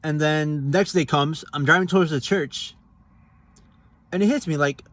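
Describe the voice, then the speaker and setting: A man's voice: fairly high pitch, moderate pace, fairly bright tone. A man giving a casual spoken testimony about his faith, talking earnestly with casual slang and loose, restarting sentences. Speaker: Catholic giving a personal testimony.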